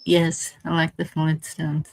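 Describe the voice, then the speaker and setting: A woman's voice: low-pitched, monotone, slow pace, vocal fry, a little mellow, dry recording. A woman from San Antonio co-hosting a casual live stream, giggly and laughing often. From San Antonio, Texas.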